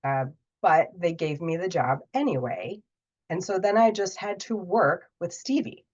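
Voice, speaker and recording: A woman tells a personal story in a relaxed, conversational way. Her voice sits a little low, and she livens up when she voices the people in it. The audio is dull and muffled. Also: measured pace. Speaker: podcast guest, storyteller.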